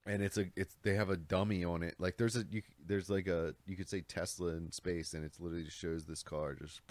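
A man with a very deep voice talks in relaxed, joking podcast chat and swears casually. The sound is dry and close, with no room around it. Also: no echo. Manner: laid-back, swearing, quick to joke. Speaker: podcast co-host.

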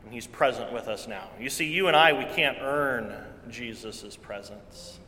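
Man preaching a sermon, fairly bright voice, earnest and repetitive, recorded in a reverberant church hall. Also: medium pitch, unhurried, slight background noise. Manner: earnest preaching with repeated phrases, swings from loud to hushed. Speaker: pastor.

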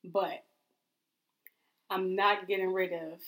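A woman's voice: mid-range voice, flat delivery, slow, a bit bright. A woman co-hosting a podcast in casual chat, insistent and easygoing, swearing casually and laughing often. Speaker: podcast co-host.

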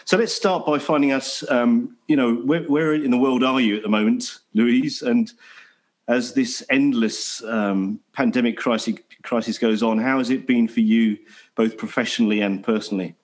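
A man hosting a podcast interview, speaking in a friendly, measured way with some ums and restarts. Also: mid-range voice, fairly even intonation. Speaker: podcast host.

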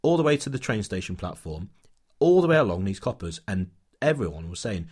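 A man on a podcast, telling an animated, ranting story in casual chat. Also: lowish voice, fairly quick, husky. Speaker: podcast co-host.

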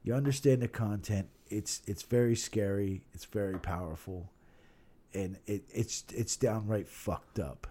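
A man co-hosting a podcast in casual, profanity-heavy chat, excitable and quick to laugh loudly, on a podcast microphone. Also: on the low side. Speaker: podcast co-host.

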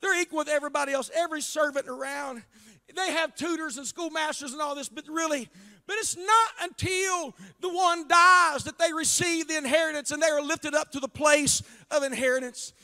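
A male pastor preaching an impassioned sermon, often shouting and stretching out his words, in a church. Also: very high voice, a little fast, gravelly. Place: church sanctuary. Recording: long reverb of a church hall.

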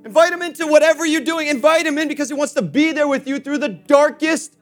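Male preacher, very high voice, fiery and playful, soft music underneath. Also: fast. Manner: impassioned preaching with sudden shifts from shouting to hushed; playful asides to the congregation. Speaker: pastor. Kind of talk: sermon.

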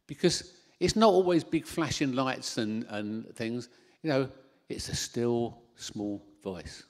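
A man preaching a sermon into a handheld microphone in a church hall, animated, with self-deprecating asides. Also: mid-range voice, slow.

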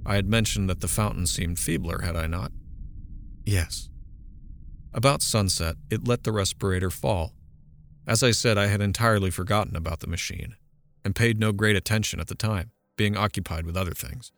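A man's voice: on the low side, normal speed, fairly bright tone, slight background noise. A man reading an audiobook, voicing a haunted, defiant young man who recounts his ordeal with intense urgency. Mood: urgent.

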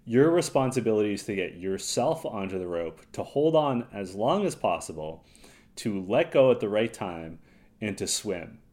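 Lively, blunt podcast man. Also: lowish voice, moderate pace. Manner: blunt, laughs often, emphatic. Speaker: podcast co-host. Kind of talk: casual podcast recap chat.

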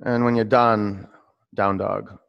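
Low gravelly yoga teacher. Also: male voice, flat delivery, takes it slowly, muffled recording. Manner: rambling and laughing between pose cues. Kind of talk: live-streamed yoga class with chatty asides.

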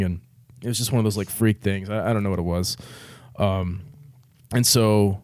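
A man's voice: fairly low pitch, fast talker, a little mellow, no echo, clean studio sound. A man casually telling a story on a podcast, laid-back and profane, often laughing through his words. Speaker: military veteran guest telling a story.

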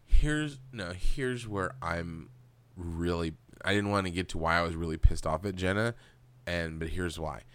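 This podcast co-host has a low, smooth voice and an unhurried delivery. He recaps a show in casual chat, swearing a lot and acting out quotes as he goes.

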